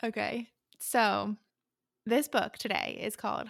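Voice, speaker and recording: A young woman with a gravelly, fry-edged voice chats easily about a book, laughing along. The recording is close and dry, with no room sound. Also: medium pitch, fairly bright tone, dry recording. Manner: easygoing, chatty, quick to laugh along. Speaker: book podcast co-host. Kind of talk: casual book chat.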